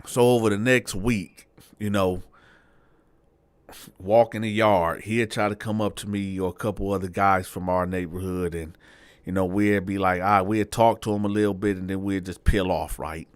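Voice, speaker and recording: A man telling a prison story in casual street slang, breaking into animated, high-pitched dialogue for each character. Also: moderate pace, clean tone, no echo. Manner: animated, acts out dialogue with big pitch jumps; slangy street talk, frequent "right?" asides.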